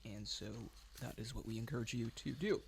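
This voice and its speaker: A man's voice: medium pitch, brisk, gravelly, slight background noise. A young man chatting casually while eating very hot wings, his voice strained and a little breathless. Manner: strained, breathless from spicy food. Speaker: youth group co-host. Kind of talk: casual hot wing challenge chat.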